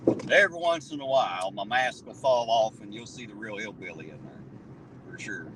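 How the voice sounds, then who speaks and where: A man's voice: on the low side, animated, brisk, a bit bright, recorded from a distance, slight background noise, poor audio. Blunt man with a Southern Ohio drawl. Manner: blunt, swears freely. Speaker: livestream host. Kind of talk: casual livestream chat.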